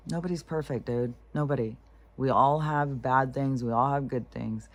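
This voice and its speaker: A woman in a casual vlog monologue, talking candidly and rambling, with pauses and restarts. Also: rumbling low, a little mellow. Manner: candid, rambling, mocks serene voices in breathy whispers. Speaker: vlogger.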